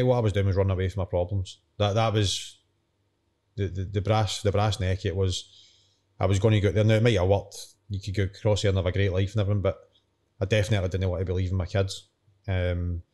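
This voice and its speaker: Ex-footballer guest, thirties; lowish voice, matey, rambling anecdotes. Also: male voice, darkish tone. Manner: chatty, matey, retells quotes. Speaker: podcast guest, former footballer. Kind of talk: casual interview storytelling.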